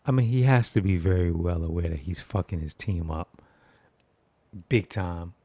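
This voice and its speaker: A man's voice: sits low, normal speed, mellow, no echo. A man giving casual film commentary, riffing with heavy profanity and mimicking sound effects.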